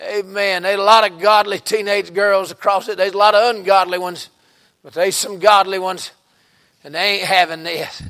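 A man with a Southern US accent preaching a fervent revival sermon in a church, breaking into sudden shouts and exclamations. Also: high-pitched, steady tone, moderate pace. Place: church sanctuary.

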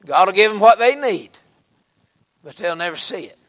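Fervent Southern preacher, high and bright. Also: male voice, animated, normal speed. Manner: fervent, bursts into shouts and exclamations. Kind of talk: revival sermon. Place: church sanctuary.

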